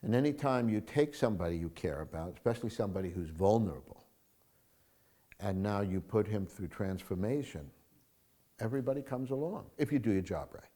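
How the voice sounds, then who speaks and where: A male screenwriter in an interview, talking in an animated storytelling way, acting out film scenes and swinging from hushed to loud. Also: lowish voice, brisk. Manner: acts out film scenes, mimics crowds, shifts from hushed to loud.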